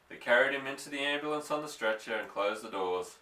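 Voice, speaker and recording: A man reading a children's bedtime story aloud in a gentle, even narration. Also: mid-range voice, fast talker, hardly any pauses, far from the mic. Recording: echoey room, voice off-mic.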